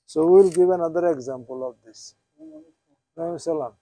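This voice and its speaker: A man's voice: on the high side, normal speed, dark tone, no room sound. A man teaching Quranic Arabic grammar in a classroom lesson, explaining patiently and repeating terms with questioning tags. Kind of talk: classroom lesson, mixing English and Bengali.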